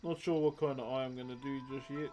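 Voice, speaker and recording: Kiwi guy in his 30s yarning to chat while he carves, easygoing and slangy, mid-pitched voice, bit of music low in the back. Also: quick pace, lo-fi sound. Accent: New Zealand. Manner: relaxed, slangy, talks to chat while working. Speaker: wood carver streaming live. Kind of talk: casual livestream chat.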